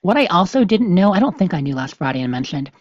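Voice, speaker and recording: Woman podcast host, chatty and rambly, lots of fillers, voice a bit husky and low. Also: very animated, fast, darkish tone, no room sound. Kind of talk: casual podcast chat, reading game notes aloud. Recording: slightly dull, dry lo-fi sound.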